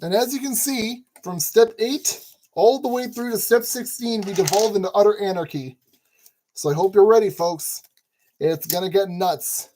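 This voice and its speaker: A man's voice: high voice, moderate pace, dark tone, a little hiss or hum. A man hosting a casual build tutorial, chatty and jokey, talking to himself as he works. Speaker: channel host giving building instructions.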